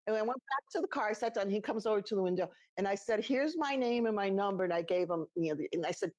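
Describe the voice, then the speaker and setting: A middle-aged woman with a lowish voice, co-hosting and telling a personal story. She is chatty and laughs as she talks. She acts out the lines of people she quotes. The recording is dry and close. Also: fast, hardly any pauses, darkish tone, dry recording. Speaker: podcast co-host. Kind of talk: casual storytelling chat.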